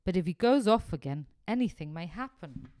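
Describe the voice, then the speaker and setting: A man's voice: sits high, animated, moderate pace, a little mellow, dry recording, clean studio sound. Woman doing a sensible teenage leader. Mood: serious. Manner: firm and practical.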